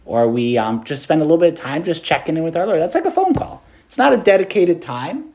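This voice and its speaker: Lively, chatty priest man. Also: a little high, fairly quick. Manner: casual and animated, lots of fillers. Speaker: Catholic priest. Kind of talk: conversational preached meditation.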